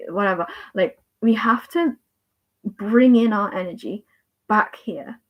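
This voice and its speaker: A young woman reads tarot cards for viewers in a relaxed livestream chat. Her voice sits at an ordinary middle pitch, and her talk rambles along full of fillers and repeated words. She keeps a gentle, reassuring tone throughout. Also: unhurried, muffled recording.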